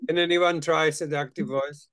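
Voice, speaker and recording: A man leading a spiritual study group over a video call, playful and coaxing, turning hushed when guiding the meditation. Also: a little high, fairly even intonation, normal speed, no echo. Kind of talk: guiding a group affirmation lesson.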